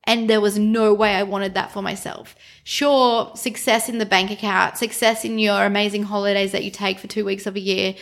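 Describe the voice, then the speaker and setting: A woman's voice: medium pitch, flat delivery, moderate pace, gravelly, few pauses. A young adult woman co-hosting a podcast, talking casually and reflectively and laughing easily. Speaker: podcast co-host. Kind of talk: casual chat.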